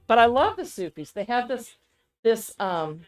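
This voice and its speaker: A woman co-hosting a casual podcast chat, rambling and animated, often laughing as she talks. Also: on the high side, a little slow, faint music behind, rough recording. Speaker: podcast co-host.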